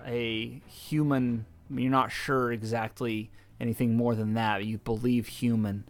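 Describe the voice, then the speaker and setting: A man narrating as game master of a tabletop game, halting with many ums and restarts. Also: medium pitch, level tone.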